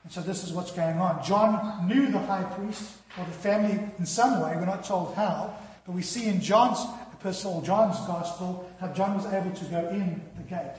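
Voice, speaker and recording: A man's voice: sits high, moderate pace, hardly any pauses, darkish tone. A man preaching a sermon in a storytelling way, with dramatic drops in volume. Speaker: pastor. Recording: echoey hall reverb.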